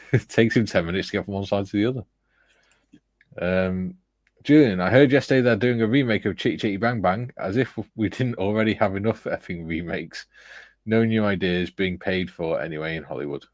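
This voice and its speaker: In a casual livestream chat, a low-voiced man reads viewer comments aloud at a moderate pace, chuckling as he goes. There's no echo on his voice.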